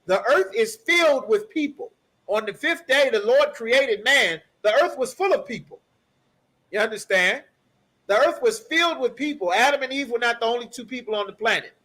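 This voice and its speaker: A man's voice: very high voice, lively intonation, moderate pace, sharp tone. A man leading a bible study class, emphatic, repeating key phrases and checking in with listeners. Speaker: scripture class teacher.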